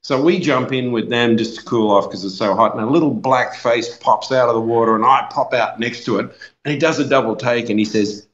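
A man's voice: mid-range voice, brisk, fairly bright tone, echoey room, muffled recording. A man in his fifties with an Australian accent, a guest chatting in a radio interview, rambling with many restarts. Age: 50s. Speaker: guest, children's entertainer. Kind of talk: casual radio interview chat.

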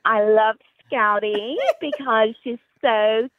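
A woman phoning a radio show who talks in a slow, breathy baby-talk drawl. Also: on the high side, steady tone. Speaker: caller. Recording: tinny phone line.

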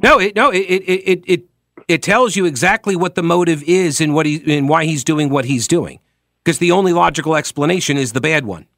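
A man hosting a call-in talk radio show, talking in an animated, emphatic way with frequent restarts. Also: on the high side, a little fast, no room sound, clean studio sound. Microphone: studio microphone.

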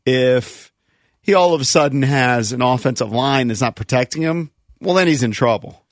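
A man in a casual sports chat, explaining plays in a measured way. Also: medium pitch, no room sound, studio quality.

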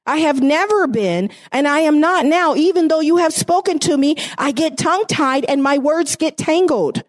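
A woman preacher reads as an earnest, pleading Moses, a man who doubts his own speech. The voice lifts higher and louder than her usual talk, fervent as she acts him out from the pulpit. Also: lively intonation, normal speed.

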